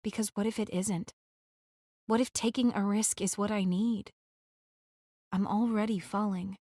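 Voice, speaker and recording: A woman narrating a first-person romance audiobook in a gentle, intimate reading style. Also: medium pitch, steady tone, measured pace, no room sound, studio quality.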